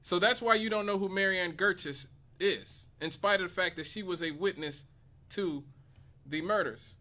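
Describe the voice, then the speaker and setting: A man with a fairly high, bright voice hosts a talk radio segment. He talks emphatically, stacking points and rhetorical questions to argue his case. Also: moderate pace. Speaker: radio host.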